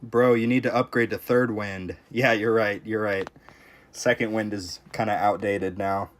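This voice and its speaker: Young male game streamer, lowish voice, casual reactive commentary to chat. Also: fairly even intonation, measured pace. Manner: reactive, talks to chat while playing, frequent exclamations. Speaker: streamer playing a tower defense game.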